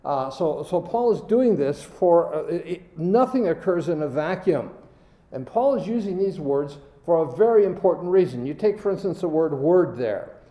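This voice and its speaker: A man's voice: fairly high pitch, animated, normal speed, mellow, echoey room, dull audio. A man preaching a sermon, reading scripture aloud and stressing key words as he goes.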